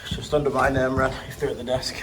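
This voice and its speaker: A man in a mid-range monotone rattles off quick, casual vlog chat while filming himself on his travels through city streets. He swears freely, and the handheld recording picks up lots of outdoor street noise.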